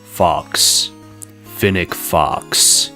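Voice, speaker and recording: A man voicing a gruff, streetwise male fennec fox with a deep voice and a slight Southern twang, curt and dismissive. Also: steady tone, very slow, sharp tone, soft background music, heavily acted. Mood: surly. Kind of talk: let's play voice acting.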